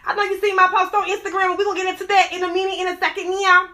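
A woman's voice: extremely high pitch, level tone, racing, bright, forceful tone. A woman hosting a casual gossip livestream from indoors, talking into her phone, profane and fired up, laughing often. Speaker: livestream host.

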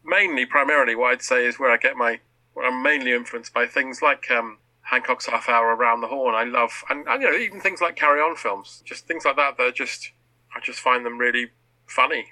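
Bright-voiced chatty British man. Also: mid-range voice, low-quality recording. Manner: chatty, stumbling restarts, quick laughs. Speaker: podcast guest. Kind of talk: casual chat.

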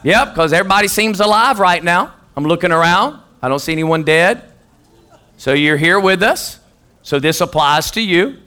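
A male pastor preaching a sermon in church, energetic and joking, calling for answers from the congregation. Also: sits high, moderate pace, clear, resonant tone. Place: church sanctuary.

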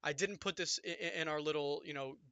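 A man hosting a podcast in casual chat, excitable and self-mocking, stumbling over restarts. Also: a little high, a little fast, vocal fry, no room sound, muffled recording. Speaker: podcast host.

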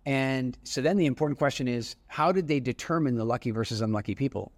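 Gravelly middle-aged man telling a story. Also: medium pitch, fast. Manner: animated storyteller with many restarts, acting out dialogue. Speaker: entrepreneur guest. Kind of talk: casual storytelling interview.

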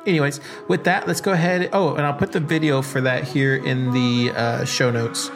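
A man with a gravelly, creaky edge to his voice hosts a podcast on his own. He talks casually and rambles, with plenty of ums and restarts, at an ordinary pitch. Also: steady tone, normal speed, faint music behind. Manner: loose and chatty with many fillers. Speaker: podcast host. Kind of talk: casual solo podcast talk.

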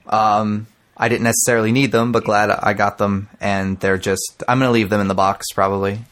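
A man hosting a podcast in an easy, unhurried way. He keeps things light with joking banter and leads the chat between co-hosts. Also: lowish voice. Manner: relaxed, jokey banter. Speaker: podcast host. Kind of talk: casual chat.

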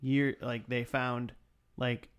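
A man's voice: mid-range voice, little pitch movement, slow, smooth. Man, podcast host. Loose, rambling storyteller in casual chat. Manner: rambling, full of "like".

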